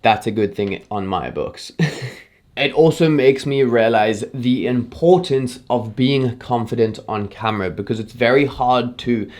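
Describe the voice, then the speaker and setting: A man talking straight to camera in a casual tutorial. He sounds relaxed and chatty, and he shifts his speed and emphasis to drive his points home. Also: medium pitch, unhurried. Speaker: YouTube creator teaching on-camera presenting.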